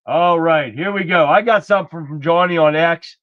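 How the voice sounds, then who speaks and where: A man's voice: a little high, normal speed, dry recording. A man hosting a casual political talk show, ranting bluntly with plenty of swearing. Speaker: host. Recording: dull, dry sound.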